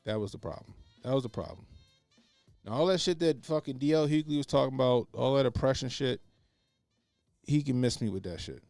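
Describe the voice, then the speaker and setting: A man's voice: mid-range voice, animated, brisk, vocal fry, a little mellow, no echo, faint music behind. A man talking in casual opinionated commentary, blunt and profane, repeating his points for emphasis. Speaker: podcast co-host.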